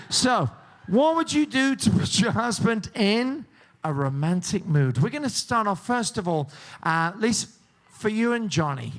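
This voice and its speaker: Lively high-voiced game show host. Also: male voice. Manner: jokey, upbeat, teasing patter. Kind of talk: cruise ship game show hosting.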